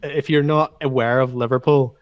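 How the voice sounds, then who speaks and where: A man's voice: mid-range voice, steady tone, normal speed, no echo, studio quality. A man co-hosting a game podcast, giving opinions and teasing the others. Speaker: podcast co-host. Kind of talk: casual chat about games.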